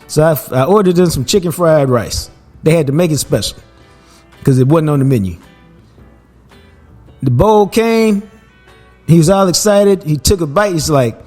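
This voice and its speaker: A relaxed man tells a long story in a casual, unhurried way. His voice sits a bit high for a man and swings widely in pitch. Faint music plays beneath. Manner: laid-back, laughs while telling stories. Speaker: podcast host.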